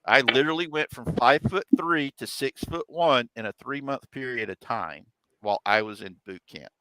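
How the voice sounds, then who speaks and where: Bright-voiced middle-aged man telling stories. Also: medium pitch, moderate pace, no room sound, rough recording. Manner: animated, quotes others' voices. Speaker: host. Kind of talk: casual storytelling chat.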